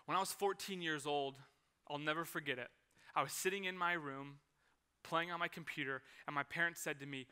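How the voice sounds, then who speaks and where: A man's voice: on the high side, fairly quick, clear, resonant tone. A man in his thirties preaching a sermon, telling a personal story and acting out its scenes. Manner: animated storytelling, acts out scenes. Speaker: pastor.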